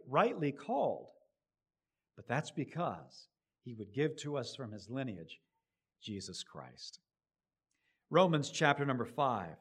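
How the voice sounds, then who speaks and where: A middle-aged man preaching a sermon, building to loud emphatic rises and then dropping low and quiet. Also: very animated, slow pace, long pauses, breathy edge.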